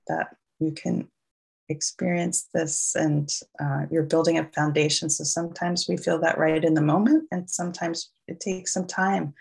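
A meditation teacher with a New York accent, guiding a slow, soothing loving-kindness meditation and gently inviting listeners along. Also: medium pitch, vocal fry, breathy edge.

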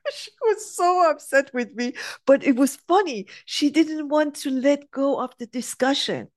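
Animated middle-aged woman telling a story. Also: sits high, measured pace, no room sound, clean studio sound. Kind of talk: casual anecdote.

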